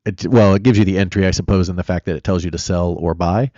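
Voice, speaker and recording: A man with a low, dark voice talks his way through a live trading stream. He rambles, answers viewers and gives blunt opinions, recorded dry and a little dull. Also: fairly even intonation, fast talker, dry recording. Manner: chatty, rambling, answers chat questions. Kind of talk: casual live-stream commentary.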